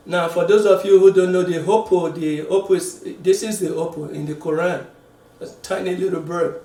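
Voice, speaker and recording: A man giving a sermon, halting and repeating words, dropping to a quiet voice to stress a point. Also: high voice. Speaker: preacher. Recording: echoey room, mic at a distance.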